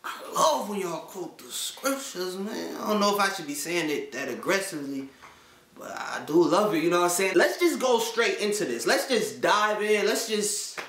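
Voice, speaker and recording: A man talks casually to his viewers about faith, slangy and conversational, often checking in with "right?". His voice sits fairly high. The recording has a lot of room echo. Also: fairly bright tone. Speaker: Christian video host. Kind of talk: casual talk to camera. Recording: echoey room.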